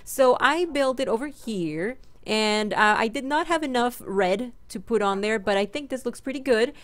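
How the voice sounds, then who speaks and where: A woman's voice: fairly high pitch, lively intonation, normal speed. A woman hosting a gaming channel, chatting casually and playfully through her game and talking to her in-game pets. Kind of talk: casual let's-play commentary.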